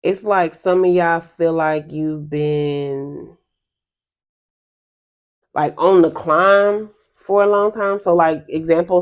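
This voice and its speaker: Lady rambling thru a spirit reading, kinda low voice, laughs a lot, says y'all. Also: fairly even intonation, slow, pauses often. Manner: rambling, chatty, laughs often; addresses viewers as y'all. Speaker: spiritual reader. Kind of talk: casual spiritual reading to viewers.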